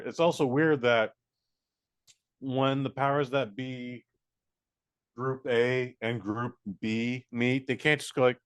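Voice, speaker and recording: A man co-hosting a podcast, reviewing a film in casual chat, animated and profane, acting out quotes. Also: mid-range voice, slow pace, pauses often, clear, resonant tone.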